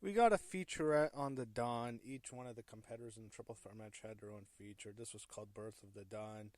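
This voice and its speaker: A man's voice: mid-range voice, a little fast, darkish tone. A man giving a casual spoken review, rambling with many fillers and self-corrections and sounding openly annoyed. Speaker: show reviewer.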